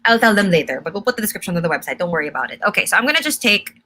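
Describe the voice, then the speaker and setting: A woman's voice: medium pitch, very animated, racing, sharp tone, slight background noise. A young woman hosting a live-stream makeup tutorial, explaining each step in a chatty, instructive way and answering viewer comments. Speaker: makeup brand host.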